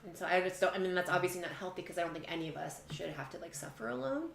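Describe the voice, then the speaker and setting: Woman therapist chatting, lots of likes and ums, low-ish voice, echoey room. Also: lively intonation, racing, vocal fry. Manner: chatty, many fillers like "um" and "like". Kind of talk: casual panel chat. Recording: roomy studio with faint background noise.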